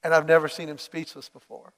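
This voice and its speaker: A man preaching a sermon, telling a story with lively acted-out dialogue. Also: fairly high pitch, fast, long reverb tail. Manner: animated storytelling, acts out quoted dialogue.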